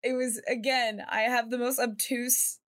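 A woman streamer chatting casually, telling an animated story with a lot of swearing. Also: a little high. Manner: animated storyteller, swears freely, quick asides. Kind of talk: casual chat.

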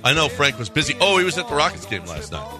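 A man's voice: medium pitch, huge pitch swings, fast, music in the background. A man hosting a radio show, riffing loosely in casual banter.

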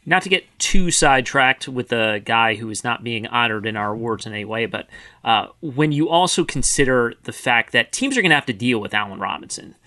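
A man co-hosting a football podcast in casual chat, quick and self-deprecating. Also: medium pitch, lively intonation, sharp tone, no room sound, studio quality. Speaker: podcast co-host.

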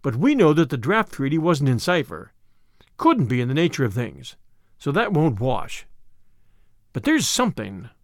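Man voicing tired older spymaster, grave, measured, expressive pitch, dry close mic. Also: no room sound. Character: weary older male spymaster, calm and grave.

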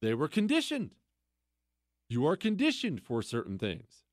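Sarcastic man hosting talk radio, lively swooping delivery, dry booth sound. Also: measured pace, no echo. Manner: sarcastic, mocking, heavy repetition; animated, swings into incredulous high outbursts. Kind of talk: political talk radio monologue.

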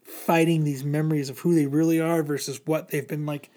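A man's voice: fairly high pitch, flat delivery, brisk, dark tone. A man casually retelling a comic book plot, rambling with lots of fillers. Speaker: podcast co-host.

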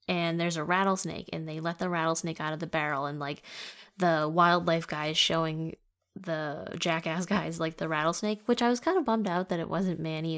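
A woman co-hosting a casual podcast chat, giggling often and rambling through long recaps full of "like". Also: lowish voice. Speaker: podcast co-host.

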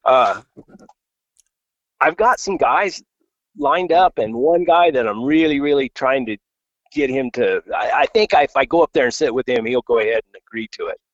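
A man talking as a podcast guest in a casual, halting way, often repeating words as he starts. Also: medium pitch, expressive, no echo, highs cut off. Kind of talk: casual chat.

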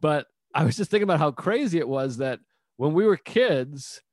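A man in his thirties hosting a casual podcast interview, musing aloud and asking relaxed follow-up questions. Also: on the high side, moderate pace, no echo, clean studio sound. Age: 30s. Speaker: podcast host.

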